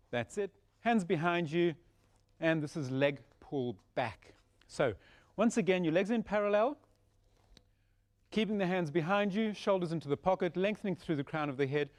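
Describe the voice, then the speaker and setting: Male Pilates instructor with a fairly high voice, calm breath-by-breath cueing, encouraging. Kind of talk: guided exercise instruction.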